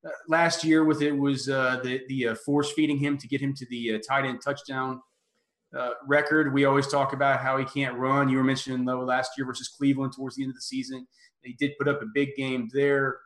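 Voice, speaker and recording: A man hosting a casual sports podcast, talking in a halting way with many restarts. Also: medium pitch, little pitch movement, a bit bright, reverberant. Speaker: podcast host.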